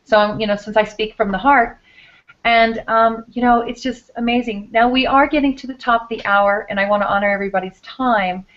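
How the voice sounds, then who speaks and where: A woman's voice: a little high, fairly even intonation, brisk, highs cut off. A woman hosting a talk show, earnest and meandering, with many fillers. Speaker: show host.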